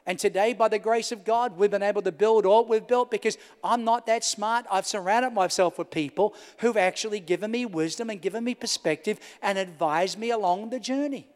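A pastor in the middle of a sermon, telling his story with a storyteller's swings between loud bursts and near-whispers. His voice sits fairly high for a man. It carries through a large hall with a long trailing reverb. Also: brisk, few pauses. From Australia. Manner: storytelling, rising loud and falling to a hush.

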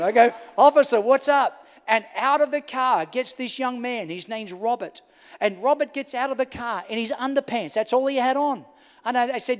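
A pastor in the middle of a sermon, telling his story with a storyteller's swings between loud bursts and near-whispers. His voice sits fairly high for a man. It carries through a large hall with a long trailing reverb. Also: moderate pace. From Australia. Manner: storytelling, rising loud and falling to a hush.

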